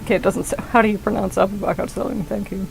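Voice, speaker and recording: A woman's voice: medium pitch, fast talker, vocal fry, over music, low-quality recording. Rambling, swearing young woman streamer. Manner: rambling, excitable, swears a lot. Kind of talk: casual gameplay commentary.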